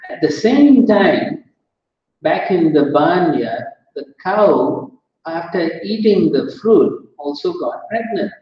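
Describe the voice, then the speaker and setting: A man's voice: fairly high pitch, sing-song, slow. A man telling a scripture story in a sermon, chatty and laughing at his own asides. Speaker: temple speaker. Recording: echoey temple hall, distant dull mic.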